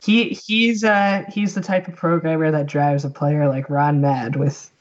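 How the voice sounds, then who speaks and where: A man guesting on a casual pinball podcast, making relaxed, wry comments. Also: a little high, a little slow. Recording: dull lo-fi remote line.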